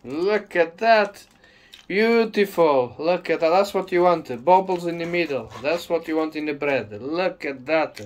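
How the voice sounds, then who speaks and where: In a casual home cooking video, a Portuguese-speaking man from Madeira talks with enthusiasm and frequently adds a questioning "eh?". His voice is on the high side with a darkish tone, and he moves at a moderate pace with few pauses.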